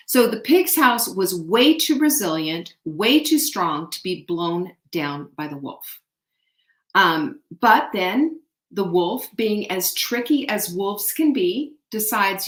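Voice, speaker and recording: A woman's voice: medium pitch, a little slow. Chatty woman retelling a folk tale. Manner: animated, chatty, keeps asking the audience guess what. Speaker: show host. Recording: echoey room.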